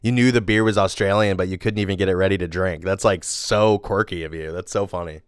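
A young man co-hosting a podcast, trading sarcastic jokes and laughing often. His voice is low and smooth, close on the mic and completely dry. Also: fairly even intonation, a little fast, no room sound. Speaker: podcast co-host. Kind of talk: casual chat.

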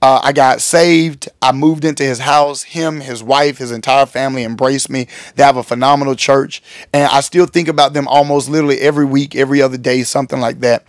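A man who is a pastor, telling a personal story on his podcast in a candid, animated way, acting out what others said and calling his listeners y'all. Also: mid-range voice, a little fast, few pauses, no echo, studio quality.

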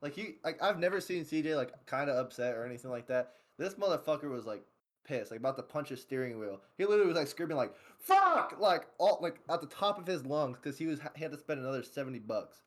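A man's voice: a little high, animated. A young man hosting a podcast among friends, teasing and swearing freely. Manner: fast, profane, teasing. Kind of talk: casual chat.

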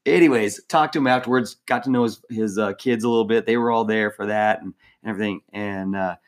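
Animated man telling a story with laughs. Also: lowish voice, fast. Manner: animated, laughing, many fillers and restarts. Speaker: former team mascot, podcast co-host. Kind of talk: casual storytelling chat.

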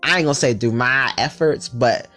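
A man telling a storytime tale in a vlog, animated and full of profanity and slang. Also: mid-range voice, moderate pace, faint music behind.

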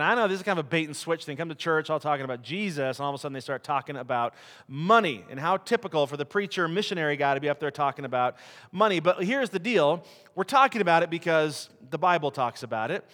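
A man's voice: fairly high pitch, animated, fast talker, a bit bright. A middle-aged man preaching a sermon as a missionary, conversational and self-deprecating as he tells stories. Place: church hall. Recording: long reverb of a church hall.

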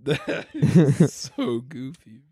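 A man co-hosting a casual podcast, teasing the others with quick jokes. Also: a little high, big pitch swings, gravelly, mellow, breathy edge, no room sound, clean studio sound. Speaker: podcast co-host. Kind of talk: casual chat.

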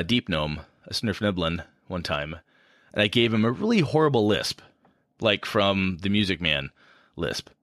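A man's voice: on the low side, a bit bright, no room sound, studio quality. A man talking casually on a podcast about running tabletop games, rambling and self-deprecating.

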